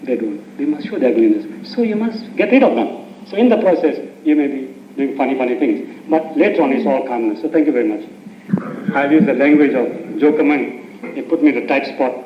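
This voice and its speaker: A man's voice: medium pitch, animated, brisk, background noise. A man teaching meditation in an informal spiritual talk, telling stories and often breaking into laughter. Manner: anecdotal, laughs often, answers questions from the audience. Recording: dull echoey 1980s tape recording.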